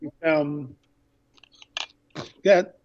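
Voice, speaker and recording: A man guesting on a radio interview as an author and filmmaker, telling a story with excitement and acting out past conversations. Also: fairly high pitch, slow pace, muffled recording.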